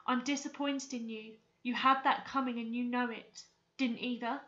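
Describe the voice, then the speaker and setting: Stern, measured uncle scolding a child, read by a woman from a storybook, high bright voice, muffled recording. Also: steady tone, close to an everyday voice. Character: stern grown man, a girl's strict uncle.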